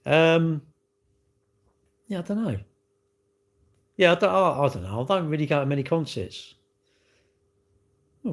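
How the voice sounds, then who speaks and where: A middle-aged British man answers chat questions on his livestream in a casual, rambling, blunt and slangy way. His voice is a bit high for a man, rising and falling with lively intonation.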